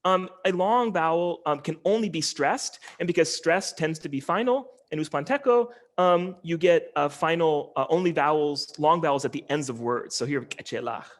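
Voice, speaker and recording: A man's voice: a little high, moderate pace, hardly any pauses. A man, a linguistics professor, giving an online lecture in an explanatory way, with frequent ums and restarts as he walks through slides.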